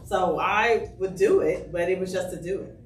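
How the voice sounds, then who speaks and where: A woman's voice: lowish voice, moderate pace. A woman from Chicago on a comedy podcast, talking casually and laughing often in an offhand way. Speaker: podcast co-host. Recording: roomy sound, mic at a distance.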